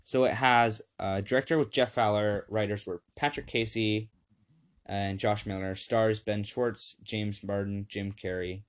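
A man's voice: on the low side, steady tone, measured pace, clean tone. A young man hosting a casual home podcast, upbeat and rambling, with many fillers, reading lists off a screen. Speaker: podcast host.

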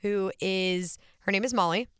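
A woman's voice: medium pitch, measured pace, a bit bright, clear, resonant tone, no room sound, clean studio sound. A woman in her twenties co-hosting a podcast, chatting casually in a giggly, upbeat way. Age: 20s. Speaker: podcast co-host. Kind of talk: casual chat.

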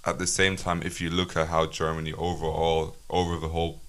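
A man's voice: rumbling low, little pitch movement, brisk, a bit bright. A young man, a university student, co-hosting a podcast in casual chat, laid-back and giving short replies. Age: young adult. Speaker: podcast co-host.

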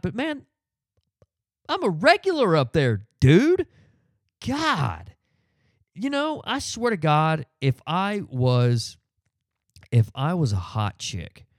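Profane, animated man ranting casually. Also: mid-range voice, dry recording, clean studio sound. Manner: profane, animated storytelling with frequent fillers. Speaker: podcast host.

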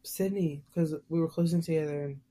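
A young woman co-hosting a podcast in casual chat, low-key and blunt, her voice often trailing off quietly. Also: steady tone, fairly quick. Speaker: podcast co-host.

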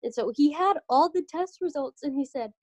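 A young woman hosts a casual podcast, her voice sitting fairly high. She tells stories with lots of animation and jumps into other people's lines as she goes. The sound is close and dry, with no room around her. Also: moderate pace, no room sound. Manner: animated storytelling, acting out doctors' lines. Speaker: podcast host.

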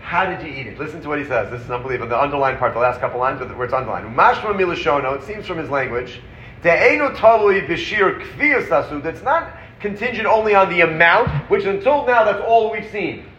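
A man teaching a Torah class, animated and quick, acting out the sources he quotes. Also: on the high side. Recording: roomy, dull audio with faint background noise.

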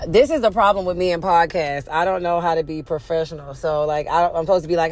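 A woman's voice: on the low side, quick pace, few pauses. A young woman from Houston hosts her podcast alone, speaking frankly and tumbling into rants. She swears freely and makes no effort to sound polished, as if simply chatting with her listeners. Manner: candid, profane and ranty. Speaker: podcast host. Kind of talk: casual solo podcast rant.

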